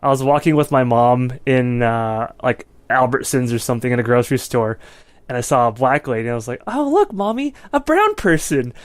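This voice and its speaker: A man's voice: medium pitch, flat delivery, fairly quick, clean tone, no echo. Rambling male podcast co-host. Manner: rambling, heavy use of "like" and "you know". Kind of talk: casual film review chat.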